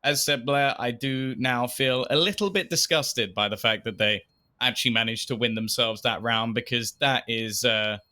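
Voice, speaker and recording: A man on a headset mic giving animated, wry color commentary on a shooter match. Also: medium pitch, moderate pace. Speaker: esports caster.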